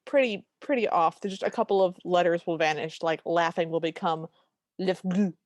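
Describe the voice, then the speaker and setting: A woman's voice: on the low side, normal speed, dry recording. A woman co-hosting a podcast, giving wry, sardonic asides in casual film recap chat. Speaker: podcast co-host.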